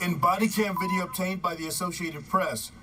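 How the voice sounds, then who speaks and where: A man reading a scripted news report, measured and formal. His voice sits slightly high. He sounds a little distant from the mic, with faint noise behind. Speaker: news correspondent.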